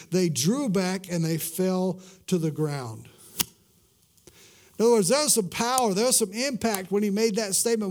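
A middle-aged pastor with a high voice preaches a sermon. He stumbles over and repeats words, then sinks to a soft, slow hush to stress a line. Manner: swings from loud emphasis to hushed, drawn-out words; repeats words and restarts mid-sentence.

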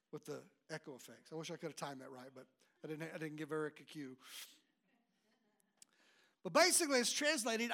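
A man's voice: a little high, lively intonation, a little fast, long pauses, pushed and bright. A man preaching an emphatic sermon as pastor, often repeating and restarting his words.

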